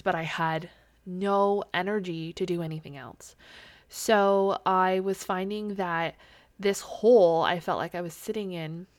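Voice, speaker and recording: A woman's voice: on the low side, no room sound. A woman in her thirties hosting a solo podcast, talking candidly and openly, with casual swearing. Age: 30s. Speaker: podcast host. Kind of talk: solo personal podcast talk.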